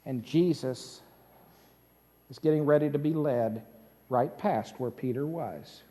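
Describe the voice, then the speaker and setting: A male pastor, preaching a sermon as dramatic storytelling that swings between loud and hushed. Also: mid-range voice, slow pace, in a large hall. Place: church sanctuary.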